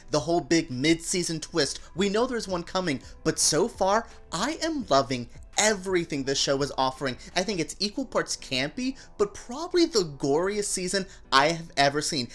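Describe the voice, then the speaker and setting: A woman hosting a casual TV review vlog, gossipy and campy in manner. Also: fairly low pitch. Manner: animated, gossipy and campy, with playful voices for quotes. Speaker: TV review show host.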